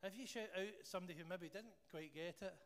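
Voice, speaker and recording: High-pitched and quick-talking, a Scottish man leads worship in a church hall, praying before launching into a playful quiz for the people gathered. His manner is jokey and lively with the room. Long reverb from the hall and faint noise color the recording.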